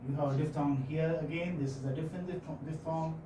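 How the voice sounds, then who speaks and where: In an echoey classroom, picked up by a distant mic with faint noise, a middle-aged Indian English speaker delivers a phonetics lecture. He sits on the high side, keeps a steady tone, and talks fairly quickly in a mellow voice. He coaxes his students, repeats words, and checks on them frequently.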